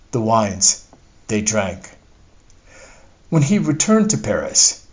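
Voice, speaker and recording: A man narrating a memoir audiobook in a measured, reflective reading, as its author. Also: mid-range voice, lo-fi sound.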